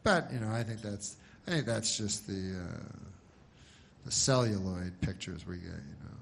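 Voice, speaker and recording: A man doing rambling stand-up comedy in a deadpan, meandering way. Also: on the low side, creaky, slight background noise. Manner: deadpan, meandering, slow-burn.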